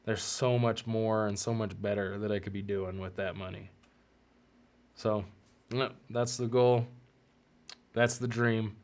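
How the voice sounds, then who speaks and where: A man hosting a podcast, speaking earnestly and emotionally in a heartfelt personal monologue, his voice softening and catching at times. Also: lowish voice, fairly even intonation, unhurried, pauses often. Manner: earnest and emotional, often choked up. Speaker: podcast host.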